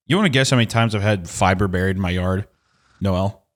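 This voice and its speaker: A man's voice: low voice, fairly quick. A man hosting a comedy podcast, telling an exasperated, profane story in a casual way. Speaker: podcast host.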